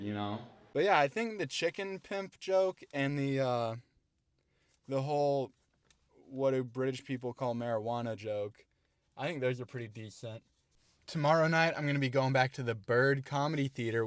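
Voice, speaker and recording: A man's voice: medium pitch, dry recording. A male stand-up comedian recapping his set in a casual vlog, laid-back and profane, judging his own jokes.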